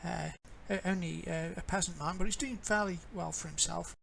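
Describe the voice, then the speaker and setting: A woman's voice: fairly low pitch, creaky, slight background noise, low-quality recording. Woman narrating as a game master. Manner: relaxed, halting with fillers and restarts.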